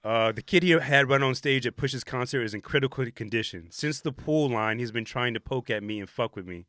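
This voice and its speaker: A man's voice: mid-range voice, a little fast, fairly bright tone, no room sound, clean studio sound. A young man hosting a casual podcast chat, laid-back, reading tweets aloud. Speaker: podcast host.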